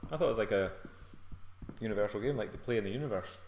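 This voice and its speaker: A man's voice: lowish voice, rapid-fire, vocal fry, darkish tone, a little hiss or hum. A Scottish man co-hosting a casual live stream as a fitness coach, joking, laughing and reading viewer comments aloud. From Scotland. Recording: roomy echo.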